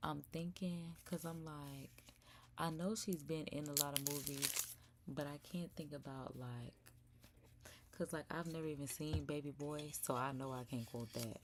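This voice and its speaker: A young woman with a low voice hosts a laid-back live stream from her home, talking straight to her viewers and calling them y'all. Now and then she drops into a soft whisper, and a faint hiss sits under her voice. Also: fairly even intonation, unhurried. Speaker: live-stream react host. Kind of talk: casual live-stream chat. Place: indoors at home.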